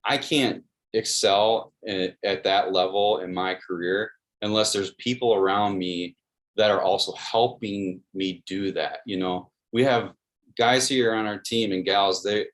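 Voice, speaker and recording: A man's voice: lowish voice, steady tone, measured pace, a bit bright. A man, telling stories as a guest in an interview, earnest and friendly, with many restarts and "you know"s. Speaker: guest, sports video producer. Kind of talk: casual interview storytelling.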